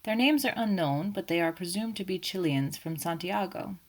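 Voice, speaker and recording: A fussy elderly Belgian detective speaks, voiced by a woman reading an audiobook. His tone is gentle, ironic and teasing, and the voice sits slightly above her own low register. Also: animated, moderate pace. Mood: gently evasive. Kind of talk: audiobook character voice.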